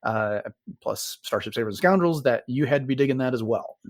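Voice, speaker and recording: A man's voice: mid-range voice, brisk, no echo. Dry-miked chatty fan co-host, man. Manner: enthusiastic fan, relaxed with fillers. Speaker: podcast co-host. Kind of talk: casual chat.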